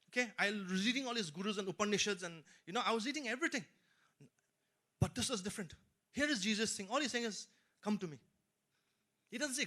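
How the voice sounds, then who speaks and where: Bright high-voiced man preaching a sermon. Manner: earnest testimony, rising emphasis and repeated asides to listeners.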